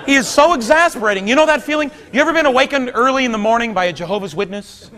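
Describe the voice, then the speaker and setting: A man in his thirties doing stand-up comedy on a theater stage, talking wryly and conversationally, then breaking into loud outbursts. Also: very high voice, animated, very fast, a faint crowd. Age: 30s. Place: theater stage before a large audience. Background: audience laughter.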